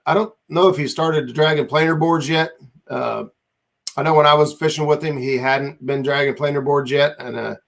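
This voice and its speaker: Man, livestream host, casual chat, rambling, gravelly, slightly high. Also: fairly bright tone. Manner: laid-back, rambling, reads out viewer comments.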